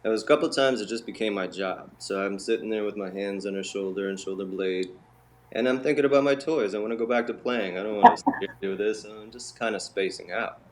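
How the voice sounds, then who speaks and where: A man's voice: lowish voice, fast. A man telling his life story as an interview guest, acting out the voices of the people in it. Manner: animated, acts out quoted voices. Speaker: interview guest, bodywork healer. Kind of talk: storytelling in conversation.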